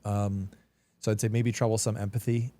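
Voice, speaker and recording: Low, mellow-voiced man in earnest chat. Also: little pitch movement, moderate pace. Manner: earnest, reflective, with frequent restarts. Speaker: podcast guest. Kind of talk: casual conversation.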